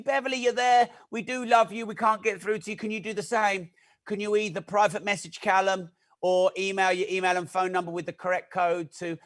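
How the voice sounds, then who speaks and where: A man hosting a live-streamed masterclass, talking in an energetic, chatty way with jokey asides to his viewers. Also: high-pitched. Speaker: masterclass host. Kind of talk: live-streamed teaching talk.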